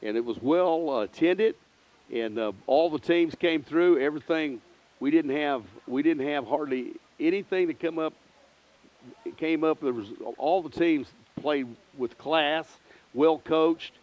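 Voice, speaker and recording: A man's voice: fairly high pitch, a little slow. Folksy man calling a local game. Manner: folksy, rambling, proud. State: out of breath. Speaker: play-by-play announcer. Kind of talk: local sports broadcast commentary. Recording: dull lo-fi stream audio.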